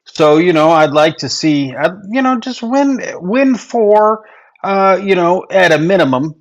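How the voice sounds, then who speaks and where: A man's voice: sits high, expressive, unhurried. A man co-hosting a casual sports show, easygoing and chatty, leaning on fillers. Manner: easygoing, lots of fillers like you know. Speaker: podcast co-host.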